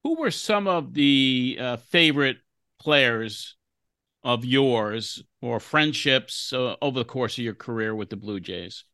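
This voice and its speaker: A man's voice: mid-range voice, lively intonation, takes it slowly, sharp tone, smooth, no room sound. A man co-hosting a podcast, asking a question hesitantly with many fillers. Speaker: podcast co-host. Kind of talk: interview question.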